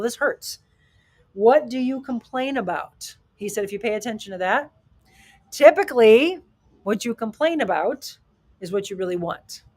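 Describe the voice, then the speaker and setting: A woman's voice: medium pitch, darkish tone. A middle-aged woman hosting a live talk show, speaking emphatically with rhetorical questions and reading viewer comments. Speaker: show host.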